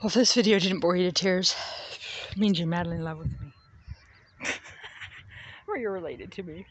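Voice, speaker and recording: A woman's voice: fairly low pitch, normal speed, dull audio. A woman rambling and joking to herself while walking a beach for her vlog. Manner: joking, bickers with herself in different voices. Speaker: reverend vlogger. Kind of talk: rambling self-talk vlog. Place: outdoors on a beach.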